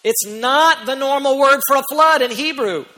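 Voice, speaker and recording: A man preaching a sermon as pastor, who speaks emphatically and rises to near-shouts on key points. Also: very high voice, normal speed, in a large hall.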